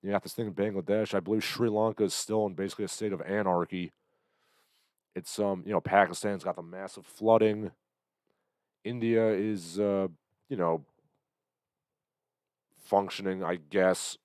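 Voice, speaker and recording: Deep-voiced man, sardonic news rambling. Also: fairly even intonation, moderate pace, long pauses, darkish tone, dry recording. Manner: sardonic, hesitant with many fillers. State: recovering from illness, coughing. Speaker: livestream host. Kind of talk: casual news commentary.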